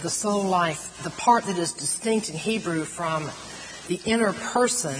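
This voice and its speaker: A middle-aged woman preaching a sermon, earnest and animated, stretching out words for emphasis. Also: on the low side, a little slow. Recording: long hall reverb, faint noise.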